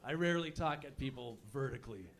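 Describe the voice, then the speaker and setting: Performing stand-up at a small comedy venue, a Montreal comedian talks fast in a medium-pitched voice with lively intonation. His set is loose and profane, and he banters with the crowd between jokes.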